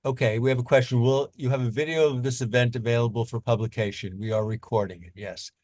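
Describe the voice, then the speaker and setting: Halting man moderating a panel. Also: medium pitch, steady tone, a little mellow, no echo. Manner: halting, many fillers. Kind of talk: casual online panel talk.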